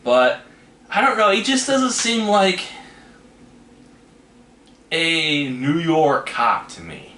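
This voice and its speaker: A man's voice: fairly high pitch, big pitch swings, slow, long pauses, bright, forceful tone. A man hosting a casual trailer reaction, rambling and hedging as he talks. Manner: rambling, hedging with "you know what I mean". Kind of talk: casual chat. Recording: echoey room with faint noise.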